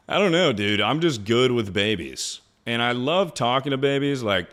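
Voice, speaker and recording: A man's voice: medium pitch, a bit bright, clear, resonant tone. A man streaming live, chatting loosely and jokingly, swearing often and calling everyone "dude". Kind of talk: casual livestream chat.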